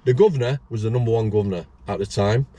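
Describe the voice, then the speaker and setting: A man's voice: on the low side, fast talker, mellow. A middle-aged man, a former prison officer and the show's host, telling rambling anecdotes with frequent restarts and acting out other people's voices. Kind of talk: casual storytelling chat.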